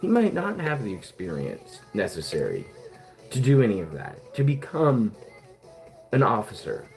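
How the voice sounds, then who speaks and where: A man's voice: fairly low pitch, moderate pace, vocal fry, faint music behind. A man with a past as a police officer, talking casually and bluntly with lots of swearing. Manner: blunt, heavy swearing, animated. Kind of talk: casual talk.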